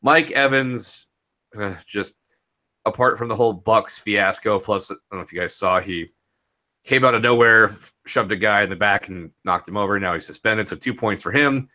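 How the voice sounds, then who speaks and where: A man's voice: on the low side, normal speed, bright, forceful tone. A young man talking casually and rambling a bit as he recaps a fantasy football week, laughing easily. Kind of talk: casual podcast chat.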